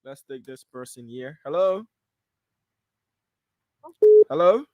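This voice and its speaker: A man hosting a live call-in radio show, briskly prompting each caller with short cues. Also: medium pitch, lively intonation, no echo, muffled recording. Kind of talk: taking calls on live radio.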